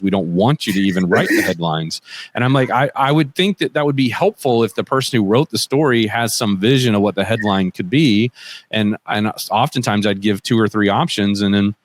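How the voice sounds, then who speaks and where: A man's voice: lowish voice, dry recording. A man hosting a podcast interview, explaining points fluently to his guest. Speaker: podcast host. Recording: dry close sound.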